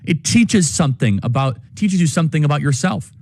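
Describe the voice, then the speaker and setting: A man's voice: on the high side, animated, fairly quick, darkish tone, no room sound, studio quality. A man giving an opinion monologue as a political commentator, earnest and insistent.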